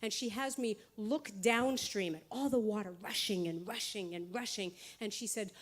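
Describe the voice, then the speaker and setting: A woman giving an inspirational talk to a live audience, telling a self-mocking story in quick bursts, laughing often and checking in with "right?". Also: medium pitch. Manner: rapid bursts with frequent "right?" asides. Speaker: motivational speaker. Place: spiritual center hall.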